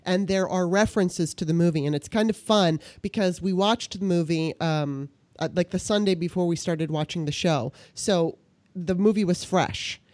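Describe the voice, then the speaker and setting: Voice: medium pitch, normal speed, darkish tone, dry recording. A speaker in casual chat, rambling enthusiastically and swearing casually.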